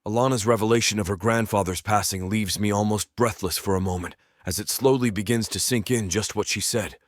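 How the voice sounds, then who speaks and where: Brief: male audiobook reader, deep and measured, reflective first-person narration.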